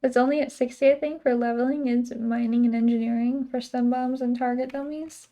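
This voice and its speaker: A woman's voice: fairly high pitch, fairly even intonation, brisk, muffled recording. Chatty young woman streaming her game. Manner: chatty, laughs often, rambling asides. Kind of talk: casual chat while gaming.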